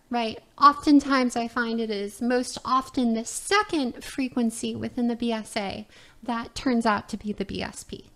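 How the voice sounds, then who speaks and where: Woman voice coach, high pitch, slow deliberate lecture delivery, explanatory. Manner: methodical, explanatory, checks in with "all right" and "right?". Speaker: voice teacher. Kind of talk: recorded lecture presentation.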